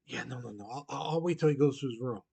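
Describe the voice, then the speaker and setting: A man voicing a nervous male conspirator who keeps talking himself out of acting, in quick fretful self-argument. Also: medium pitch, vocal fry, dark tone, slightly rough. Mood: hesitant.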